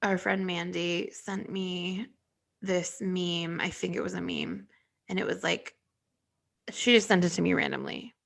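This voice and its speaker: A woman's voice: fairly low pitch, steady tone, measured pace, creaky, fairly bright tone. A woman in her thirties co-hosting a podcast, chatting casually with a dry, blunt, sardonic manner. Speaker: podcast co-host. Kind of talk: casual chat.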